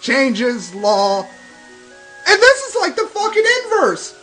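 A young man with a high, bright voice gives sarcastic, profane commentary on a game he is playing. His pitch leaps around as he rants and swears, and faint game music plays under him. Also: wildly swooping pitch, slow, poor audio. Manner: ranting, sarcastic, swears constantly. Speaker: let's play commentator.

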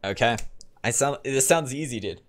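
Young guy, excitable, flustered gamer, voice leaping all over, mid-pitched. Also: normal speed. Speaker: player. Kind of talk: casual gaming chat.

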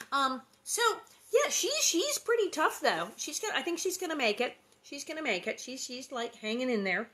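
A woman's voice: medium pitch, a bit bright. Woman host, casual and rambling, lots of "um"s and little laughs, chatty aside between chapters. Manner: chatty and rambling, with many fillers and quick laughs. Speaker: host reading a book aloud online. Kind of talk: casual chat between readings.

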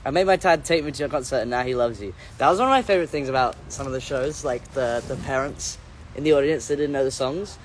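A man's voice: medium pitch, fast talker, a little hiss or hum. Casual male livestream host; loose, playful, rambling, corrects himself mid-sentence. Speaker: musician hosting a livestream. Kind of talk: casual livestream chat, reading out viewer comments.

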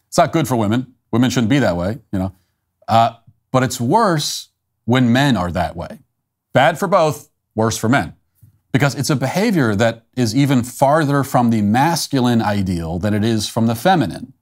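A male show host delivers a commentary monologue in a fairly deep voice. He is blunt and emphatic, with an open note of scorn.

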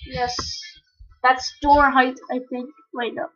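A woman giving casual, rambling commentary while playing a game, breaking into sudden excited yelps. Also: sits high, slow pace, faint music behind. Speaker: gamer. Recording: dull lo-fi recording.

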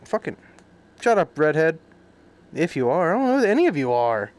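A man's voice: a little high, sing-song, moderate pace. A man streaming a game, reading its subtitles aloud and adding crude, joking commentary full of swearing. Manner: crude, joking, swears often, reacts loudly.

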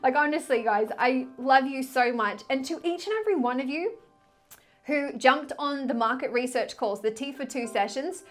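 A young woman chats to camera as a spiritual tarot vlogger in a fairly high voice. She gushes, filling her talk with "like" and "literally". Faint music plays behind her. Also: moderate pace. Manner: gushing, effusive, many "like" and "literally". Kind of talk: casual direct-to-camera chat.

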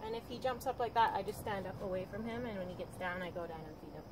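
A woman dog trainer calmly explaining, step by step, how she trains a dog. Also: quick pace, very noisy. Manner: calm, practical explaining with frequent high-pitched praise to the dog.

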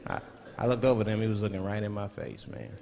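A man's voice: on the low side, quick pace, vocal fry, big-room sound. A man performing a stand-up comedy routine on stage, slipping into mock voices as he tells stories. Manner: animated, switches into mock voices. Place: comedy stage before a live audience. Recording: live show with crowd and noise.

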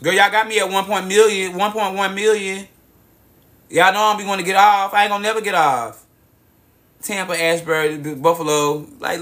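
A young man hosts a casual livestream, reading out viewers' cities and chatting in an excitable, profane, drawling way, calling everyone baby and girl, into a phone mic. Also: sits high. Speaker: livestream host.

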